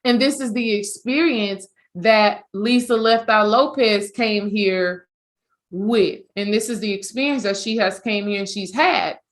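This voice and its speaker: A woman's voice: mid-range voice, unhurried. A woman healing coach, telling a story in a casual, emphatic monologue that repeats itself for effect. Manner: animated, repetitive, emphatic storytelling.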